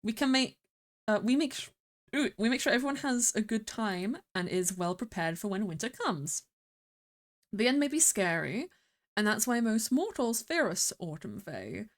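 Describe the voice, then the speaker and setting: A woman's voice: fairly high pitch, big pitch swings, normal speed, voice pushed up. A woman reading aloud the lines of a flirtatious female fae wife in a video game, in a plain, lightly teasing voice that barely changes from her own. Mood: gentle. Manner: teasing, affectionate, calls the listener darling.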